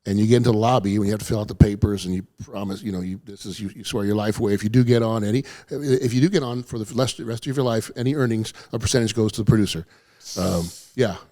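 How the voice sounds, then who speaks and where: Brief: quick, rambling male comic guest, warm low-key tone, dry studio sound. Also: no room sound. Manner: rambling, self-interrupting, acts out quoted voices. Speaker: stand-up comedian guest. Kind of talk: casual storytelling chat. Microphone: studio headphones and mic.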